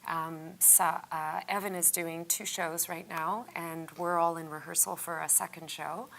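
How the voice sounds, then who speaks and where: A woman actor talks through a relaxed cast Q&A. Her voice sits a little low, and she keeps it casual with lots of fillers and agreeable "yeah"s. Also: measured pace, vocal fry, slight background noise. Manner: chatty, frequent "yeah" and "uh" fillers. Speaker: stage actor on a cast panel. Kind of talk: casual panel Q&A.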